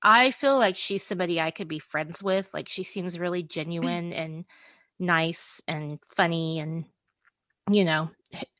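A woman's voice: on the low side, unhurried, fairly bright tone, no echo. A woman hosts a casual podcast chat, giggly and talkative. She hedges her sentences with easy fillers. The sound is close and dry. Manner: chatty, hedging with "you know", giggly. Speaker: podcast host.

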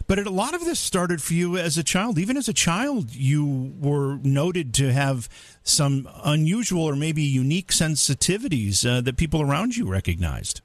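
A man's voice: on the high side, very animated, no echo. Man asking probing interview questions. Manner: probing, measured questions with small restarts. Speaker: interviewer host.

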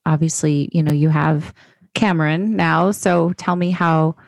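A woman host with a very low, gravelly voice gives sympathetic responses and asks gentle follow-ups. The sound is dry and close, with no room echo. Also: steady tone, measured pace. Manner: sympathetic, short reactions. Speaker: podcast host. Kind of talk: interview listening and follow-up questions.

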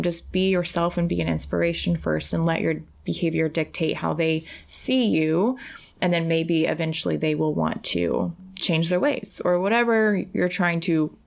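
A woman's voice: fairly low pitch, vocal fry. A young woman hosting a podcast in casual conversation, reflective and self-deprecating, laughing easily at herself. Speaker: podcast host.

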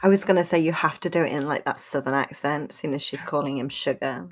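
A woman's voice: deep voice, fast talker. A woman co-hosting a casual podcast, laid-back and reacting with short remarks. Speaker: podcast co-host. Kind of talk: casual chat.

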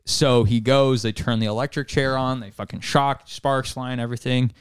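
A man's voice: medium pitch, steady tone, moderate pace, smooth, dry recording, clean studio sound. A man co-hosting a casual podcast, telling a long, rambling joke, swearing casually and laughing at his own story. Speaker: podcast co-host.

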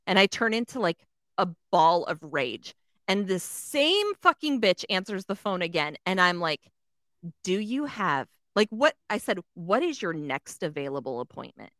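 A woman's voice: fairly low pitch, pushed and bright, dry recording, clean studio sound. A woman telling a story in casual chat, swearing often, filling with "like" and acting out the other voices. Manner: swears a lot, fills with "like", acts out voices.

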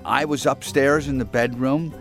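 A man's voice: mid-range voice, steady tone, moderate pace, a bit bright, faint music behind. An older man being interviewed, telling his story candidly and with regret. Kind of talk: reflective interview recollection.

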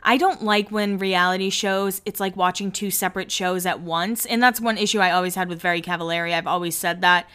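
A woman's voice: fairly low pitch, fairly even intonation, bright, forceful tone, clear, resonant tone. Chatty young woman recapping a reality show. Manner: chatty, filler-heavy, acts out quotes in quick voices. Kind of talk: casual recap chat.

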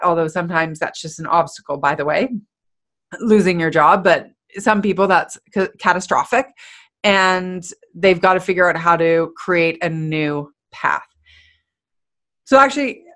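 Energetic woman giving a motivational talk. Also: on the low side. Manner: energetic, playful, conversational. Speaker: motivational speaker.

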